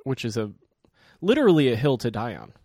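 A man's voice: medium pitch, sing-song, a little fast, mellow, dry recording, clean studio sound. Wry, joking man, podcast co-host. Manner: wry, joking, throat-clearing. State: slightly congested. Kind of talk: casual chat.

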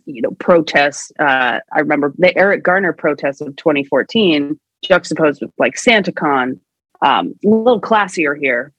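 A woman's voice: sits low, animated, normal speed, no echo, poor audio. A woman commentator talking casually in a discussion, with many fillers. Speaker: guest commentator. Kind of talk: casual conversation.

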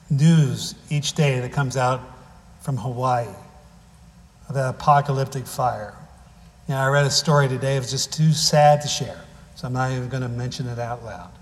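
A man's voice: mid-range voice, in a large hall. A man preaching a sermon, reading scripture and then telling family stories in a conversational way with wry humor. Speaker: pastor.

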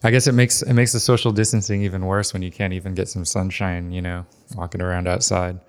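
A man's voice: low voice, level tone, fast talker, smooth, faint music behind. A man hosting a podcast interview, asking friendly, curious questions. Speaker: podcast host.

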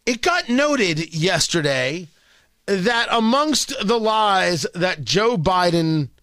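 Lively, bright-voiced combative radio host man. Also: high voice, slow pace, dry recording, clean studio sound. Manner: combative, sarcastic, emphatic. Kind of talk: opinionated talk radio monologue.

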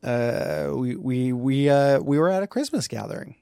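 A hoarse man with a scratchy, gravelly voice co-hosts a comedy podcast, easygoing and playing along with each joke. The recording is dry and close. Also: medium pitch, animated, normal speed, dark tone, dry recording. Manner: easygoing, plays along with jokes. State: hoarse from karaoke. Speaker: podcast co-host. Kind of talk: casual comedic chat.

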